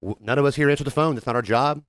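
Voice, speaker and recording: Speaking very fast and smoothly in a mid-range voice, this podcast co-host trades casual stories with no room sound behind him. He's animated, voices the customers he quotes, and doesn't hold back on profanity.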